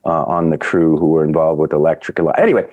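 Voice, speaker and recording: A man speaking as a podcast guest, telling an animated anecdote about his old TV crew days and acting out the people in it. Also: extremely low pitch, quick pace, no echo, phone-quality sound. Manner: lively storyteller, acts out quoted people.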